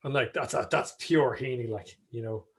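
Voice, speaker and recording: A man co-hosting a casual podcast, rambling with plenty of halting restarts. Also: mid-range voice. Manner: rambling, halting, lots of fillers. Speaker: podcast co-host. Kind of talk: casual chat.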